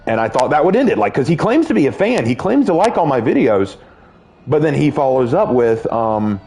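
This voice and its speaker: A man's voice: mid-range voice, sing-song, fairly quick, a little mellow, faint music behind. An American man telling a long story to his viewers while playing a game, earnest and rambling, often restarting his sentences. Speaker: gaming YouTuber.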